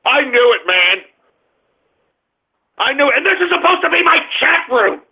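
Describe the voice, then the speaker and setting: A man's voice: very high-pitched, very animated, normal speed. A man hosting a radio show, ranting and cursing at his chat room in exasperated anger. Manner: angry, exasperated, cursing, shouting at listeners. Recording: tinny phone-like lo-fi internet radio.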